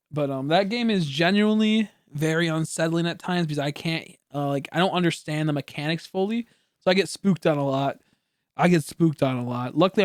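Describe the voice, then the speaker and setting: A young man chatting casually on a home stream, his voice sitting a little high for a man. He rambles, corrects himself and swears offhandedly, with a cough now and then. The sound is dry and close, with no room echo. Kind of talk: casual chat.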